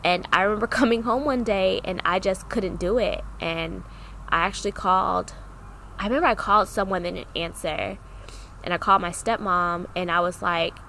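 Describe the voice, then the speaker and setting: A young woman co-hosting a podcast, talking openly about her own hard times in a clear, bright voice at an ordinary pitch. She tells it with lively, acted-out dialogue. Faint noise sits underneath. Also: moderate pace, poor audio. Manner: animated, acts out remembered dialogue. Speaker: podcast co-host. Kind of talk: candid personal storytelling.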